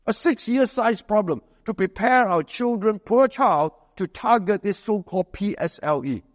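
Man, Singaporean English accent, pastor's sermon, high voice, long hall reverb. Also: lively intonation. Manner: emphatic preaching with dramatic pitch swings and slow quoted scripture.

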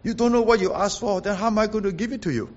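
A preacher voicing the Lord as a patient, gently questioning deity in a sermon. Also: male voice, sits high, quick pace, lo-fi sound, pitched above the performer's own voice, close to an everyday voice.

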